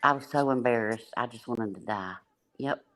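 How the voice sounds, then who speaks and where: A woman's voice: a bass voice, normal speed, a bit bright. Blunt woman telling stories. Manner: laughing, blunt storyteller. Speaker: livestream panel host. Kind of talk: casual storytelling on a panel.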